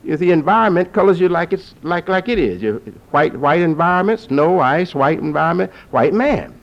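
Guy preaching with a lively swooping voice, says things twice, dull lo-fi tape. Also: fairly high pitch, moderate pace, creaky. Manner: repeats phrases for emphasis; lively, rising to forceful peaks. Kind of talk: preaching to an audience. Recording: dull lo-fi recording.

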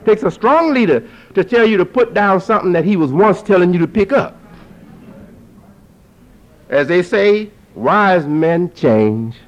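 A man preaching to an audience, who repeats phrases for emphasis and climbs to forceful peaks. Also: high-pitched, measured pace. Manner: lively, rising to forceful peaks. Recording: dull lo-fi recording.

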